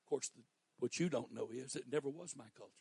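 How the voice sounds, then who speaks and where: Southern guy preaching, goes from soft asides to shouting, dry close mic. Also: mid-range voice, fast talker, vocal fry, slightly rough, dry recording. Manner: preaching, swinging from quiet asides to shouted emphasis. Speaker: pastor. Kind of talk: sermon.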